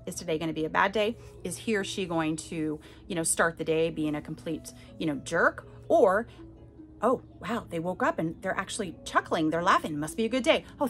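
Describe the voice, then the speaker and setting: A woman hosting a podcast, telling her own story in a candid, emphatic way and turning often to her listeners to check in. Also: medium pitch. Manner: candid and emphatic, addresses listeners directly with frequent "okay?". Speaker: podcast host. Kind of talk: personal testimony to listeners.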